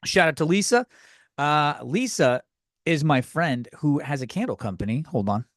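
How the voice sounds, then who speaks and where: A man's voice: on the high side, expressive, moderate pace, no room sound. Rambling podcast guy, dry close sound. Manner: rambling, scattered, self-mocking. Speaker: podcast host. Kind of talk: solo comedy podcast rant.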